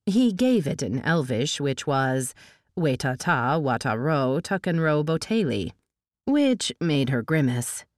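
A woman reading a novel aloud as an audiobook narrator, giving the dialogue a lift in pitch. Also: sing-song, slow pace, no echo, clean studio sound.

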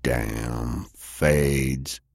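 A man doing a slow, gruff tough guy. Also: rumbling low, expressive, a little mellow, no room sound, clean studio sound, pitched below the performer's own voice, exaggerated voice. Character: gruff, big tough man, bounty hunter.

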